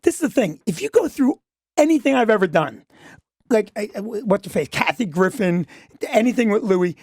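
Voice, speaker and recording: A man's voice: high voice, sing-song, normal speed, a little mellow, breathy edge, no room sound, clean studio sound. A middle-aged man, a comedy club owner, talking as a guest on a radio show and defending himself emphatically, often saying "listen" and "okay". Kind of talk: talk radio interview.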